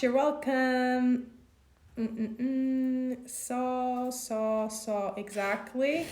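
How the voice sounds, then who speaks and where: A woman teaching a live-stream language lesson, patiently answering viewer questions and slowly over-pronouncing example words. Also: mid-range voice, echoey room.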